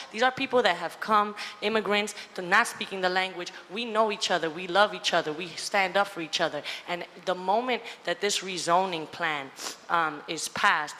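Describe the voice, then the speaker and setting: A woman's voice: medium pitch, sharp tone. A woman giving fiery, emotional testimony at a public hearing. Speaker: public commenter. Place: large public hearing hall. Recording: long hall reverb.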